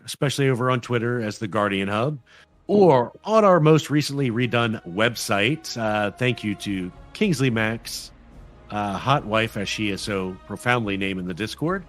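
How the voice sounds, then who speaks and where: A podcast host with a mid-range male voice chats loosely through a casual gaming show, laughing often and rambling in a relaxed way. He speaks at a moderate pace, with no room sound and faint music in the background.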